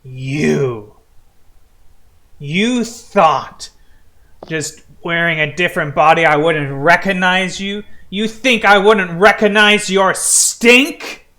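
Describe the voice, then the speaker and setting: A man voicing an erratic, high-strung human woman in a tabletop game, excitable and quick to shout accusations. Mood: accusing.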